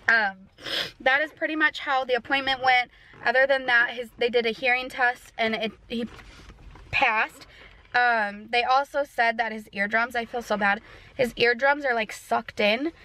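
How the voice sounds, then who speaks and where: A woman's voice: a little high, sharp tone, a little hiss or hum, rough recording. A young pregnant woman with an Upper Midwest American accent, chatting casually in a family vlog and using many fillers and likes. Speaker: family vlogger. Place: out and about, car and store.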